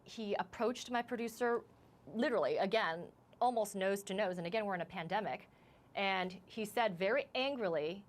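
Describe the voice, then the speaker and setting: A U.S. news correspondent with a mid-range voice joins a live news interview as a guest. Shaken and unsteady, she halts often and restarts her sentences again and again.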